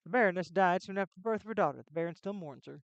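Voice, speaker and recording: A woman's voice: on the low side, rapid-fire, gravelly, dry recording, muffled recording. A woman reading as a plainspoken castle gatekeeper. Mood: informative. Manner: plain game-text reading.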